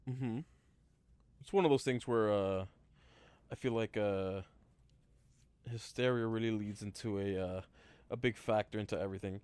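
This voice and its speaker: A man co-hosting a podcast, talking in a rambling, halting way with many fillers. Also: fairly low pitch, steady tone, darkish tone, smooth, no echo. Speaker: podcast co-host. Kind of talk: casual chat.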